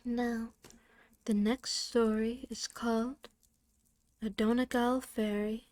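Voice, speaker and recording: Slow, high-voiced woman reading aloud. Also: flat delivery, a little mellow. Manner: careful and unhurried, with chatty asides between passages; slips into a light Irish lilt when reading dialect passages. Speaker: reader. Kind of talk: reading folk tales aloud.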